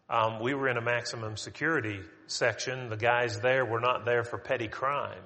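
A man's voice: medium pitch, steady tone, moderate pace, hardly any pauses, bright, forceful tone, big-room sound. A man preaching a sermon to his congregation, conversational and emphatic, rising on his questions.

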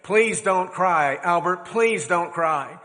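A frazzled young father coos and pleads over a crying baby, as a preacher puts him on. The voice sits slightly higher and brightens. It echoes through a large hall. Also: expressive, takes it slowly, full character voice. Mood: soothing. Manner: pleading, gently soothing.

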